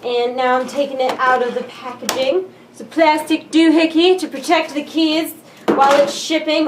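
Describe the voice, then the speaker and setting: A woman's voice: sits high, normal speed. A young woman hosting an unboxing video, giddy and jokey, chattering to herself as she works the packaging open. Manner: giddy, jokey, talks to herself while fiddling with the box. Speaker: unboxing vlogger. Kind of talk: excited casual unboxing talk. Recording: echoey room, faint background hiss.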